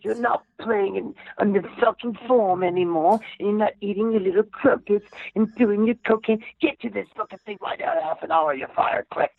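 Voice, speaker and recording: A man's voice: high-pitched, normal speed, gravelly, few pauses, no echo, voice pushed up. A man voicing a bullying, cursing male dispatcher boss in a mock Australian accent, barking orders. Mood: berating. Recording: tinny phone line.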